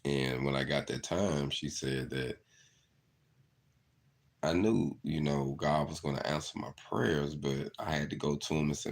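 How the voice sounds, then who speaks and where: Very deep gravelly man. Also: normal speed, a little mellow. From southeast Arkansas. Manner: earnest, storytelling, repeats "you know". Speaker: channel host. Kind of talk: reflective monologue.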